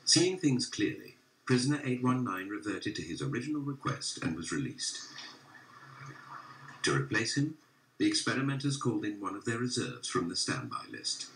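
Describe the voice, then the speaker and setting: A man giving scripted documentary narration in a measured, grave manner. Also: fairly low pitch, very animated, fairly bright tone. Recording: roomy echo.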